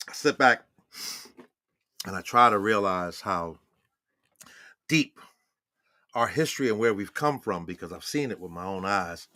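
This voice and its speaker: Animated, profane older man streaming. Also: fairly low pitch, a little slow, pauses often, dry recording, studio quality. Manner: animated, profane, laughing asides. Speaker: livestream host. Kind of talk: rambling livestream monologue. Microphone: phone or webcam on a live stream.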